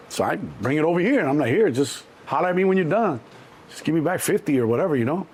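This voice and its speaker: A middle-aged man, telling stories as an interview guest in a lively, profane way and acting out other people's voices. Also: fast talker, slightly rough. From Chicago. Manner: animated, acts out other people's voices in a higher pitch, profane. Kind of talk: storytelling in an interview.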